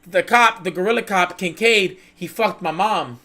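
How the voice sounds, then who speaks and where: A male streamer hosting a casual chat, telling a story in a profane, animated way. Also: sits high, moderate pace. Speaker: streamer host.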